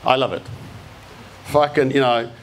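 A man's voice: medium pitch, fairly even intonation, measured pace. An Australian man giving a live talk to an audience, casual and blunt, swearing freely and quizzing the crowd. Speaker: speaker at a creative talk. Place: event room with a live audience.

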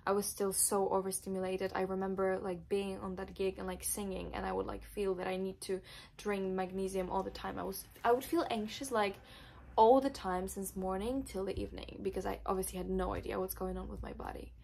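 A woman's voice: medium pitch, flat delivery, brisk, gravelly, darkish tone, a little hiss or hum. A young woman, not a native English speaker, telling an emotional personal story in her vlog, with many filler words. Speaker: vlogger.

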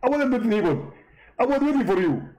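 A boastful, taunting male preacher, put on by a man in a raised, squeaky voice. He rambles fast and crows over every point, the pitch jumping all over the place. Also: very animated, darkish tone, highs cut off.

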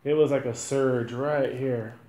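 A woman's voice: rumbling low, a little slow, a crowd in the background. Chatty woman ghost hunter in an echoey room. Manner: excited, chatty, addresses spirits directly. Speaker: ghost hunting host. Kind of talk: casual paranormal investigation chat. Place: indoor room of an old hotel. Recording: echoey room, faint noise.

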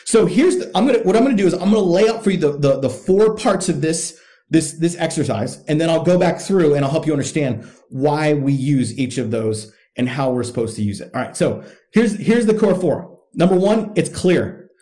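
A man who hosts a podcast coaches other men in a blunt, profane, emphatic motivational monologue, hammering his key points through repetition. His voice is fairly high, expressive and mellow, at normal speed.

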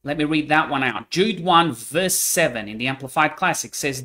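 A man reading Bible verses aloud and explaining them, deliberate and stressing key words. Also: fairly high pitch, pushed and bright. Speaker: scripture reader.

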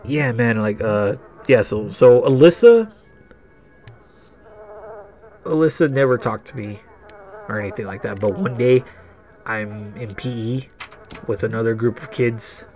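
A man's voice: mid-range voice, measured pace, darkish tone. A man hosting a casual game walkthrough, rambling through personal stories and swearing a lot. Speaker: gaming video host. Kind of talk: casual let's-play storytelling.

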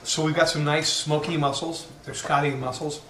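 Male home cook host, casual and jokey, bit higher voice, outdoor camera-mic sound. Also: normal speed. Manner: upbeat, jokey, gets loud and excited. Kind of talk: casual cooking demo. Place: outdoor backyard grill area. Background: faint burner roar and outdoor noise.

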